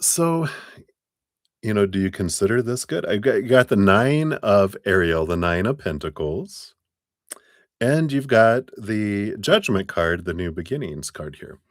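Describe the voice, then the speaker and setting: A man giving casual live tarot readings on a stream, talking in a gentle, rambling, encouraging way. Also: fairly low pitch, lively intonation, a little slow, no room sound, studio quality. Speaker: tarot reader.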